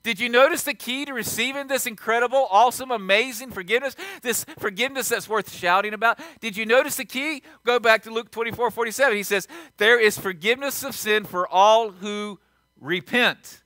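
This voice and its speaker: A pastor preaching a sermon, repeating key lines and swinging from quiet asides to loud, emphatic peaks. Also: male voice, very high-pitched, brisk, no room sound.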